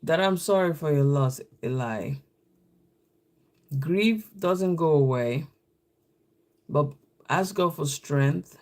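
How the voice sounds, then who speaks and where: A man hosting a live stream, rambling through a story in easy, casual talk. His voice is gravelly with plenty of fry, pitched slightly high for a man, and his pace is unhurried. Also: darkish tone.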